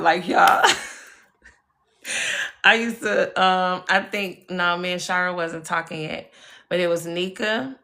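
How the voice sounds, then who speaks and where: Pushed and bright, her fairly low voice moves slowly with a steady tone. The spiritual reader shares personal stories on a casual live stream, emphatic and talkative, swearing freely and calling her viewers y'all and baby.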